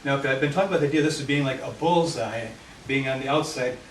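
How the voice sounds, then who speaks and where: A man's voice: mid-range voice, fast talker. Man presenting in an echoey meeting room. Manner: walks listeners through a handout map. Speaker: neighborhood presenter. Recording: echoey room, mic far off, noisy.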